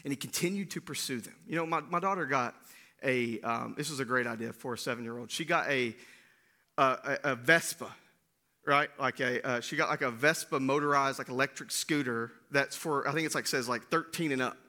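A man preaching a sermon, swinging between loud bursts and hushed lines, often asking "right?". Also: mid-range voice, brisk. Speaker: pastor.

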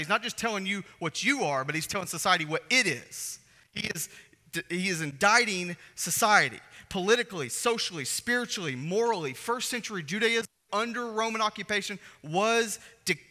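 A man's voice: high-pitched, bright, forceful tone. A man preaching a sermon as pastor, emphatic and repeating phrases for stress. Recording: echoey hall reverb.

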